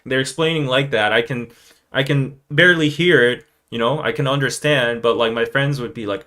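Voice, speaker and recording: With a medium pitch, normal speed, and a sharp tone, this male podcast host talks in a loose, rambling style during a casual live-stream chat, occasionally slipping into playful impressions.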